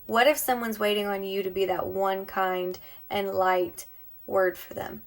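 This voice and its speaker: A woman's voice: mid-range voice, flat delivery, unhurried. A woman talking heartfelt and encouraging on a live stream from home, sometimes dropping to a near-whisper. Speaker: beauty vlogger. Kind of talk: emotional live-stream monologue.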